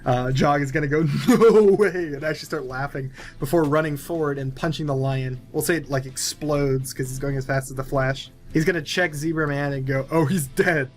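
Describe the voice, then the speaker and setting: This young movie video creator talks through his self-written plot at a brisk clip, leaving few pauses. His medium-pitched voice doesn't move much, and the narration wanders loosely with many fillers.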